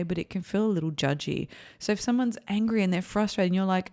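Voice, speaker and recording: A woman's voice: medium pitch, expressive, fast talker, darkish tone. A woman therapist hosting an advice podcast, speaking earnestly and repeating her key points for emphasis.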